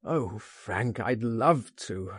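A man voicing a frightened, despairing man awaiting trial, groaning and resigned, in a husky storybook reading. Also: on the low side, animated, drawn-out words, fairly bright tone, no echo, clean studio sound, full character voice.

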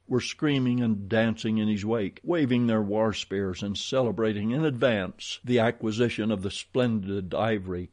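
A man reading an adventure story aloud in a measured, dramatic storytelling manner. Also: on the low side, a little mellow. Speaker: audiobook narrator. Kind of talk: scripted narration.

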